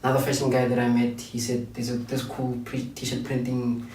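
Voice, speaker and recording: A man's voice: mid-range voice, monotone, brisk, darkish tone. A man co-hosting a casual chat, rambling a little and unsure of details. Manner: hesitant, rambling. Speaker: co-host. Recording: roomy distant mic with faint noise.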